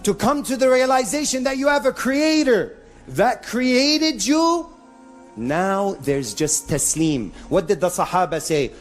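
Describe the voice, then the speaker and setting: Animated preacher with a lively voice. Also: male voice, high voice, unhurried, soft background music. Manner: animated, mixes in Arabic phrases. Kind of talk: live sermon to an audience. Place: venue with a sound system.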